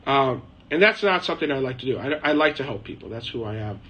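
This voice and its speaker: A man's voice: mid-range voice, lively intonation, fast talker, fairly bright tone, dull audio. A man hosting a casual live chat from his shed, answering viewer questions in a rambling, chatty way with frequent laughs. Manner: rambling, chatty, laughs often, mimics people.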